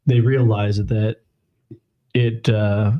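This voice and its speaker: A man co-hosting a casual talk stream, explaining things in a measured way. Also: fairly low pitch, little pitch movement, lo-fi sound. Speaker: podcast co-host. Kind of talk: casual chat.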